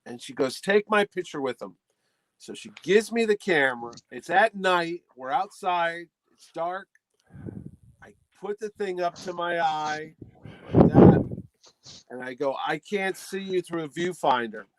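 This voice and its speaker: Animated higher-voiced man telling a story. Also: a little slow, no echo, poor audio. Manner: animated, acts out quotes in the story. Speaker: podcast host. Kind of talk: casual chat, comic storytelling.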